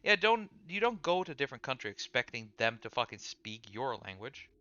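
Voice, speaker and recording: Norwegian male streamer, accented English, sharp clear voice, crude and halting, dry lo-fi mic. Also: medium pitch, sing-song, dry recording. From Norway. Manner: profane, rambling, with hesitant restarts. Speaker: streamer host. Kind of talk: casual stream chat.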